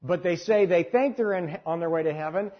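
A man's voice: high-pitched, a little fast, muffled recording. A man teaching a church class on sharing faith, talking conversationally and often putting questions to his audience. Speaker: evangelism trainer.

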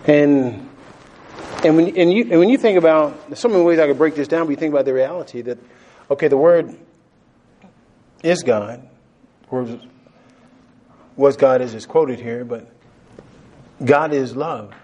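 A man preaching a sermon, animated, laughing often and repeating phrases for emphasis. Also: fairly high pitch, a little slow, pauses often.

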